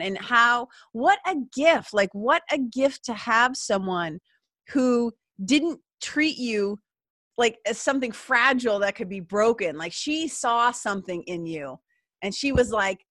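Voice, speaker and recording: A woman's voice: a little high, background noise. A woman hosting an interview, talking casually with lots of fillers and laughter. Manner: chatty, filler-heavy, laughs as she talks. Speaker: podcast host.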